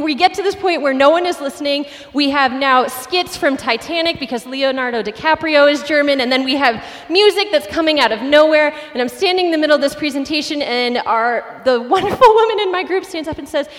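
A young woman pastor in her late twenties, telling personal stories in a sermon with an animated, self-deprecating delivery. Her voice sits fairly high. It rings out with the long reverb of a large hall. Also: moderate pace.

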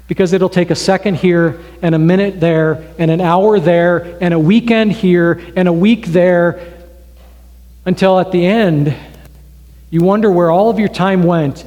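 A man preaching a sermon in a church, telling an illustration story in a conversational way with pauses. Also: high-pitched, darkish tone. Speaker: pastor. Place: church sanctuary. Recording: long reverb of a hall.

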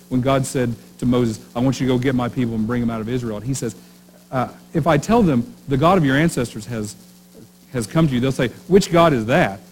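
A man's voice: mid-range voice, a little mellow, a little hiss or hum, rough recording. A man preaching a sermon as pastor, speaking conversationally with rhetorical questions and frequent restarts.

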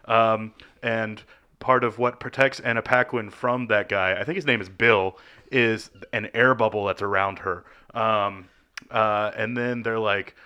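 Rambling, jokey man with a bright, clear voice. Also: lowish voice, unhurried. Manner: rambling, deadpan jokey storytelling. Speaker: podcast co-host. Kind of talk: comedic casual recap.

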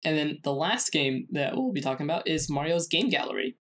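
A man co-hosting a podcast, presenting a researched segment in casual chat, halting with many fillers and restarts. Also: fairly high pitch, expressive, fairly bright tone. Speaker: podcast co-host.

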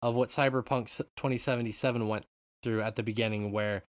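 Brief: male podcast host, mid-pitched, dry close sound, chatty and animated. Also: fast, no room sound. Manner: animated, swears freely, rambling asides. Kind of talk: casual chat.

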